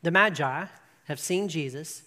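A preacher telling an animated anecdote in a sermon, often checking in with the audience with "right?". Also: mid-range voice, measured pace, big-room sound. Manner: animated storyteller, rising to emphatic peaks. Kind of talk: sermon storytelling.

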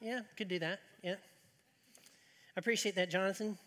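A man preaching a sermon in a church, with a high and forceful voice. He speaks in a folksy way and tosses joking asides to the congregation. His voice carries a long hall reverb. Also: steady tone, measured pace. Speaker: pastor. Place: church sanctuary.

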